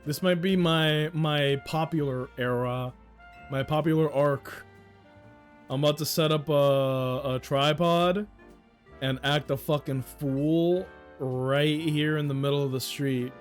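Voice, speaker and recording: A man's voice: a little high, steady tone, slow pace, faint music behind. A man streaming a game, chatting casually with friends and joking with plenty of swearing, riffing on the game's dialogue. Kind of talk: casual let's-play commentary with friends.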